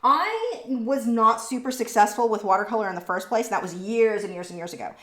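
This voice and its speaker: A woman hosting a live painting stream, chatting casually and answering viewer questions, warm and talkative. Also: fairly high pitch, lively intonation, brisk, roomy sound. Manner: warm, chatty, easily moved, laughs between words.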